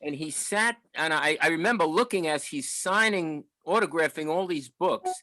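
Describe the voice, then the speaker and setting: A seventies-aged man reminisces in a loose, rambling way, full of fillers and restarts. His voice sits a touch higher than most men's. The sound is close and dry, with no room around it. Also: moderate pace, pushed and bright, no room sound, poor audio. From New York, the Bronx. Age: 70s. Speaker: audience member at a book talk. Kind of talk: casual storytelling.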